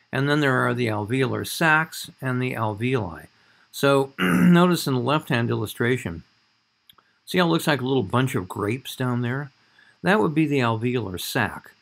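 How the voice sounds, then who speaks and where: A man's voice: mid-range voice, vocal fry, fairly bright tone. A man giving a recorded anatomy lecture over slides, talking in a conversational way and often checking in with "all right?".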